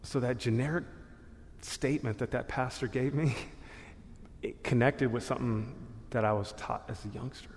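A man's voice: medium pitch, steady tone, moderate pace, a little hiss or hum. A man giving a church testimony in a loose, casual storytelling way, full of slang and laughing at himself. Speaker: guest speaker sharing testimony. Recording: long hall reverb.

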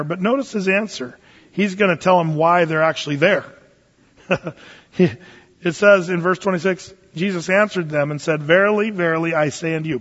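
High-voiced husky pastor in echoey hall. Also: male voice, a bit bright. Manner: folksy, emphatic, chatty asides. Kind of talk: conversational verse-by-verse bible teaching. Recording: dull, echoey hall recording.

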